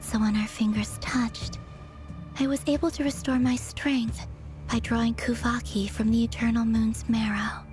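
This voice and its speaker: A woman voicing a weary, fading frost moon goddess in a game, in a breathy, solemn whispered role-play. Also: on the high side, fairly even intonation, music in the background, natural voice. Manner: solemn, sorrowful, measured.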